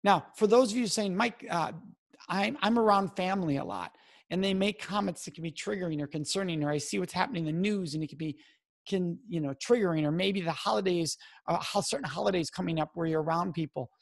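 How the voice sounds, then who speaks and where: A man's voice: high-pitched, brisk, gravelly. A middle-aged man speaking straight to his listeners, coaching them in an earnest way on what to say and stressing key words. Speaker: speaker on sexual assault prevention. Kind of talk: direct-to-camera advice talk.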